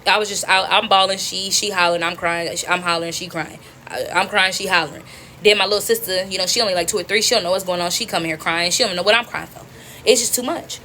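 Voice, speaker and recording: A young woman telling a personal story to her viewers in an animated, slangy way, calling them y'all and cursing freely. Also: lowish voice, quick pace, a little hiss or hum. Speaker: storytime vlogger.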